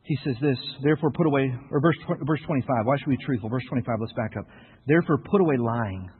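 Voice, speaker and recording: A male pastor preaching a sermon, with emphatic swings between loud outbursts and quiet asides, rhetorical questions and playful humor. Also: medium pitch, quick pace, breathy edge. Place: church sanctuary. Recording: echoey hall on a tinny lo-fi recording.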